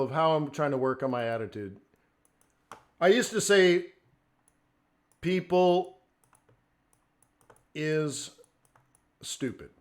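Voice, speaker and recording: Man, live trading host, high voice, energetic, loud rants then quiet asides, acts out traders' thoughts. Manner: energetic, swings between near-shouting rants and quiet asides. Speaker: livestream host, forex trading coach. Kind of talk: unscripted live trading stream.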